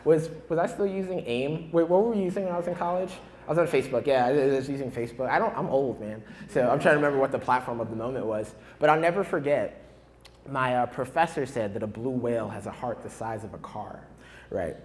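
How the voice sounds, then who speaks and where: A young man from New York, a performance poet, chatting and joking with a live audience in a college hall, then reciting his own poem with rhythmic verse that swells and softens. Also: mid-range voice, fast, a little hiss or hum. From United States (New York). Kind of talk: live spoken-word poetry performance.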